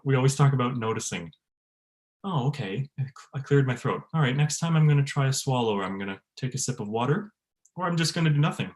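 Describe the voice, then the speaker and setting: A man giving an online voice-care workshop to a choir, encouraging and demonstrating vocal sounds as he explains. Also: medium pitch. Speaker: voice teacher. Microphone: video call.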